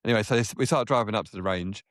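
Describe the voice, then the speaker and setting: A man's voice: lowish voice, rapid-fire, a bit bright, no echo, studio quality. A man in his forties, a golf coach telling rambling stories as a podcast guest, correcting himself and acting out other people. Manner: rambling, self-correcting, acts out quoted people in a raised voice. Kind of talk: casual anecdotal storytelling.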